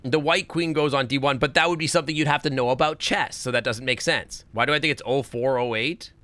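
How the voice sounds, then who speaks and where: A man's voice: medium pitch, fairly quick, pushed and bright, no room sound. A man streaming a puzzle game live, thinking aloud and swearing in frustration. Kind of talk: live gameplay commentary.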